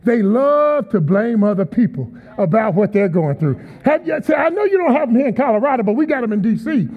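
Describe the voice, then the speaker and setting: A man's voice: extremely high pitch, expressive, a little fast, few pauses. A man preaching a sermon as guest speaker, emphatic, with call-and-response to the congregation. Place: large church auditorium. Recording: tinny sound in a long-reverb hall.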